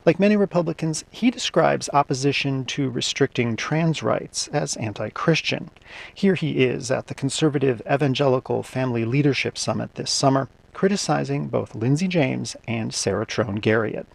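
A man reading a scripted radio news report in a measured, even delivery. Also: medium pitch, creaky.

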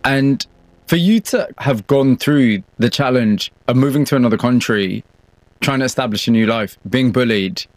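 男性ラジオ司会者、乾いたスタジオ音. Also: male voice, mid-range voice, no room sound. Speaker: radio host. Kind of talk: radio interview with scripted narration.

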